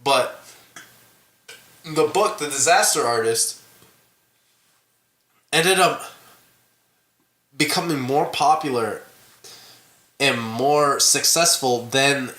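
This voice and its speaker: Slow-talking man with a bright voice. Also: mid-range voice. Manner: rambling, joking, with filler words. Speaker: podcast co-host. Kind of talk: casual chat. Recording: echoey room.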